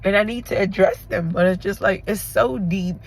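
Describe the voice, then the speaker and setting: A woman talking to her camera in an emotional confessional vlog, tearful and halting as she rambles through her feelings. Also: medium pitch, vocal fry, poor audio. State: tearful from crying. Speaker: vlogger.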